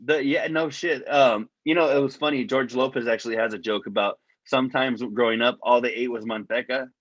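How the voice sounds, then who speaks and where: A man's voice: medium pitch, steady tone, a little fast, a bit bright, no echo, muffled recording. A man co-hosting a podcast, telling long rambling stories full of swearing and calling his friend "dog". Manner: profane, rambling storyteller, says "dog" a lot. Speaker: podcast co-host. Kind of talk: casual chat.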